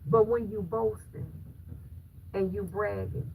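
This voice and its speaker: A woman's voice: medium pitch, steady tone, slow, gravelly. A woman vlogger talking casually to her viewers about faith. She speaks in an emphatic, preachy way and repeats phrases for stress. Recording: distant mic with loud background noise.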